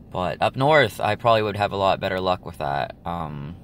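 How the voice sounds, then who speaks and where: A man's voice: deep voice, animated, measured pace, long pauses, fairly bright tone. A young man chatting casually to his viewers, rambling with lots of ums and likes. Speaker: vlogger. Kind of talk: casual chat to camera.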